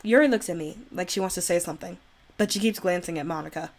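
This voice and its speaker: A woman's voice: fairly low pitch, quick pace. A young woman playing a horror visual novel at home at night, reading the story aloud and reacting in a jumpy, dramatic, sarcastic way. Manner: jumpy, dramatic, sarcastic, breaks into nervous laughs. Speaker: let's play host.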